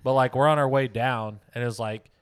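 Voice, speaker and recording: A man in his thirties telling a story in casual podcast chat, animated and swearing freely, acting out the other people in it. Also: medium pitch, a little fast, smooth, no echo. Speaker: podcast co-host.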